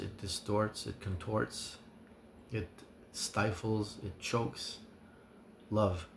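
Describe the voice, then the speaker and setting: A man giving an earnest advice monologue as a recovery vlogger, sincere and measured, listing his points with pauses. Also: on the low side, vocal fry, slight background noise.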